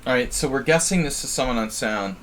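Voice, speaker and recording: A man's voice: medium pitch, animated, fairly quick, a bit bright, a little hiss or hum. A man from New Jersey giving casual live-stream chess commentary, thinking aloud and often repeating words as he muses. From New Jersey, USA.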